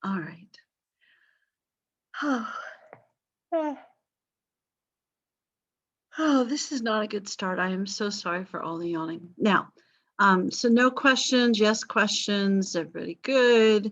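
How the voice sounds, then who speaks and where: A woman's voice: mid-range voice, expressive, takes it slowly, pauses often, a bit bright. A woman teaching a history class online, casual and apologetic, with many fillers. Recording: slightly dull lo-fi call audio.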